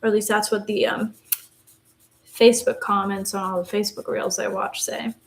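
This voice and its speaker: A woman's voice: mid-range voice, flat delivery, normal speed. A woman in her twenties with a West Texan accent, chatting casually and rambling through asides while she colors on a live stream. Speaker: live streamer, university theater student.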